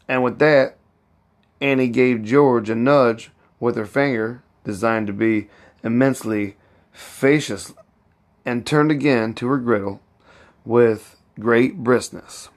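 Slow, halting male reader. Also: mid-range voice. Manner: halting, with slips and self-corrections. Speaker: amateur reader. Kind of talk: reading a novel aloud.

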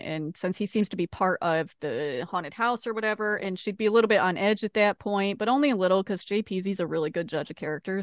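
A woman's voice: fairly low pitch, no room sound. A woman playing a tabletop game, explaining her character's choices. She stammers and hesitates as she talks, and the recording is dry and close. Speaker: player.

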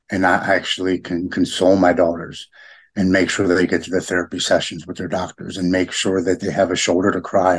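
A middle-aged man talking earnestly in a podcast conversation, halting and repeating his words. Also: sits low.

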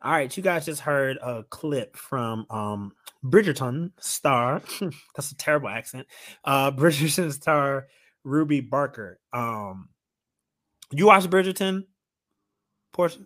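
A man co-hosting a podcast, talking in a chatty, teasing, animated way. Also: a little high, measured pace, long pauses. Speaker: podcast co-host. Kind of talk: casual podcast chat.

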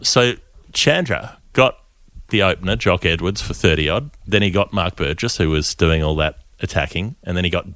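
A man's voice: low voice, normal speed, a bit bright, no echo. A man co-hosting a cricket podcast, chatty and rambling as he runs through stats, laughing often. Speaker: co-host, cricket stats presenter. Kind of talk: casual podcast chat.

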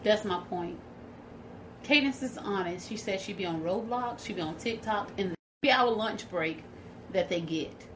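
A woman's voice: mid-range voice, moderate pace, background noise. A woman in her thirties with a Southern American accent, hosting a casual live stream and chatting directly to her viewers.

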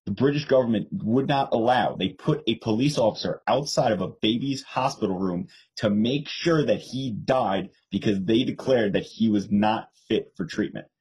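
A man's voice: on the low side, normal speed, few pauses, a little mellow, husky, rough recording. A young man co-hosting a casual political podcast, telling stories and mimicking others in a raised voice. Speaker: podcast co-host.

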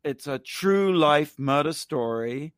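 A man co-hosting a casual pop-culture chat show, telling stories in an animated, playful, campy way. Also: on the high side, slow pace, clean tone, no echo. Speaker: podcast co-host.

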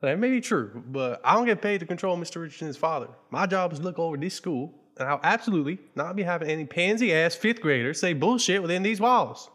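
Man reading a fed-up principal, swearing, deadpan comic sketch. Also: a little high, fast, hardly any pauses. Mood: exasperated. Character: exasperated, foul-mouthed male school principal.

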